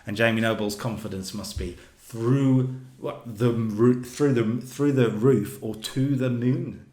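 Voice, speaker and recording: A man talking through a wrestling booking game, telling each segment like a story. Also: medium pitch. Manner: animated storytelling, voices characters in quick asides. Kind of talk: casual commentary over gameplay. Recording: echoey room.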